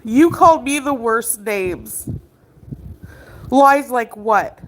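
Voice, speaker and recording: High-voiced woman, distressed, pleading and accusing, livestream. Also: lively intonation, slow pace. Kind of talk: emotional livestream argument. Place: indoors, abroad.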